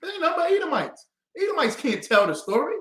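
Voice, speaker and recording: Guy teaching bible class, lively up and down voice, fires questions at the class, echoey room. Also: very high-pitched, fast. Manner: quizzes the class and drives answers with emphatic questions. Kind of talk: call-and-response Bible class.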